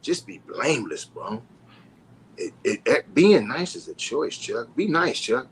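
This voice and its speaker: A man's voice: mid-range voice, very animated, a little slow, husky. A man talking as a podcast guest, profane, preachy and emphatic. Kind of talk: casual podcast chat.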